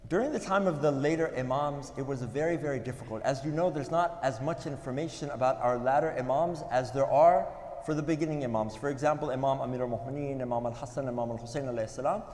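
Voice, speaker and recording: A man giving a sermon at a religious gathering, telling stories in an earnest way with pauses. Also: mid-range voice, a little mellow, a little hiss or hum. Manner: earnest, storytelling with pauses, some restarts. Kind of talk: sermon storytelling. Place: mosque hall. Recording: echoey hall with long reverb.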